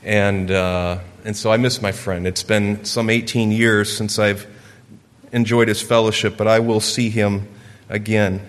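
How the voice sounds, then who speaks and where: A man in his forties from Michigan telling a personal story during a sermon, earnest and lively. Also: on the low side, a little slow. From Michigan, USA. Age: 40s. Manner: earnest storytelling, gets lively acting out quotes. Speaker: preacher. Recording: long hall reverb.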